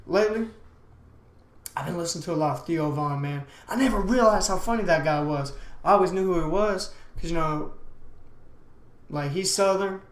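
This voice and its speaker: A man's voice: on the high side, slight background noise. A young man hosting a casual solo podcast, rambling along in slangy talk full of "man" and "dude". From United States. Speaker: podcast host. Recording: echoey room.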